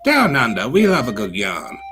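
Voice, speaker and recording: A narrator voicing a relaxed, foul-mouthed male Australian engine in a played storybook-style video, with an Australian accent, over music. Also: mid-range voice, normal speed. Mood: chatty. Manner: drawling, casual, relaxed.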